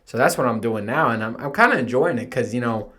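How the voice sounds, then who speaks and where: A man's voice: medium pitch, expressive, fast talker, bright, forceful tone. A man in his thirties hosting a podcast, talking casually on his own, rambling, swearing and joking about himself. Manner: profane, rambling, self-mocking. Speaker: podcast host. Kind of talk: casual monologue.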